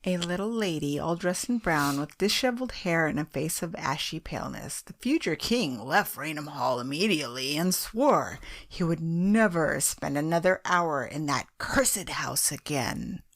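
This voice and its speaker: A woman's voice: low-pitched, animated, moderate pace, hardly any pauses. A tipsy woman co-hosting a podcast, reading a ghost story aloud between giggly tangents. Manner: giggly, reads aloud then drifts off topic. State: tipsy from drinks. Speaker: podcast co-host.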